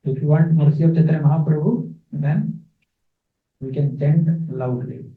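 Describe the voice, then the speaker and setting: Guy teaching scripture in a temple hall, kinda high voice, tinny phone-like sound, roomy echo. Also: steady tone. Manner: explains verses slowly, with fillers and repeats. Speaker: spiritual teacher. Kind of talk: scripture class. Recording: echoey, phone-like, distant.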